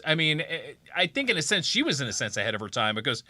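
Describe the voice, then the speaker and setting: A man hosting a casual podcast, enthusiastic and quick with interjections. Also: a little high, very animated, pushed and bright, slight background noise. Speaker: podcast host.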